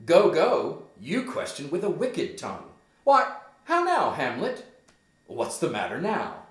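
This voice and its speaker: A shrill queen cries out in a high falsetto, as a man puts her on in a read-through. Her lines are raised and pleading, and she sounds loud and alarmed. The room around her is echoey. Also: wildly swooping pitch, a little slow. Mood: scolding. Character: anxious middle-aged queen, a woman.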